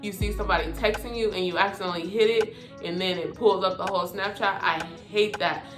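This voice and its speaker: Woman, casual storytime vlog, animated and profane, echoey room, music playing behind. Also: medium pitch, quick pace. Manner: animated, profane, talks straight to viewers. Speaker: vlogger telling a story.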